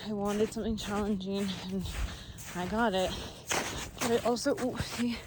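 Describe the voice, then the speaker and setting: A woman's voice: mid-range voice, steady tone, normal speed. A woman hiker vlogging candidly outdoors on a mountain trail, venting her frustration in a plain, honest way. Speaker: long-distance hiker vlogging. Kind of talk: candid vlog to camera. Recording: outdoor noise behind the voice.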